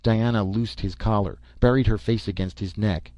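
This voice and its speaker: A man reading a short story aloud as narrator, steady and even. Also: fairly low pitch, moderate pace, few pauses, no echo. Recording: dull lo-fi recording.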